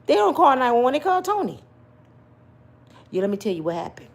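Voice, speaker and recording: A woman's voice: high voice, very animated, brisk. A woman giving an emphatic, slangy opinion rant to her viewers, full of rhetorical questions. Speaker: commentary vlogger.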